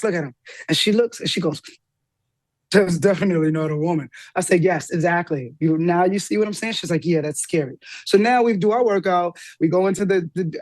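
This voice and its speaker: A woman guest telling a personal story with lively energy, acting out the voices of the people in it. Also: no echo. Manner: lively, acts out quoted dialogue with big pitch jumps. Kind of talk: animated storytelling in an interview.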